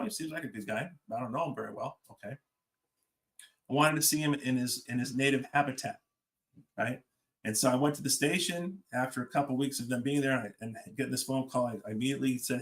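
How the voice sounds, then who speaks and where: A man's voice: mid-range voice, a bit bright. A middle-aged man, a fire service leader, telling a story on a podcast and acting out the dialogue as he goes.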